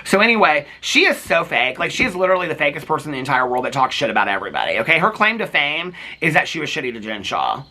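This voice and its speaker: A man's voice: on the high side, big pitch swings, quick pace, few pauses, pushed and bright. A man chatting casually as a host, gossipy and full of fillers. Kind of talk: casual TV recap chat.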